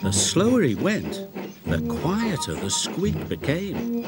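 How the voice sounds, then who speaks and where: A man tells a children's railway story in a gentle, measured voice. His pitch rises and falls animatedly, and he takes an unhurried pace. Loud background music plays throughout. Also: huge pitch swings. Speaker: narrator. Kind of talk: scripted storybook narration for children.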